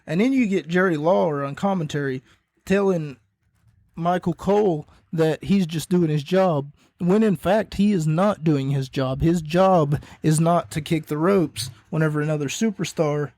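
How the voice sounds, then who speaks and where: A man's voice: fairly high pitch, normal speed, darkish tone, no echo. Rambling man recapping wrestling, dry close mic. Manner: rambling, self-correcting, coughs between points. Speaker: podcast host.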